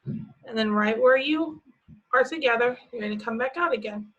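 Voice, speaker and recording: A woman teaching preschoolers, speaking slowly and patiently, asking the children questions and answering them herself with encouragement. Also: fairly high pitch, fairly bright tone, highs cut off.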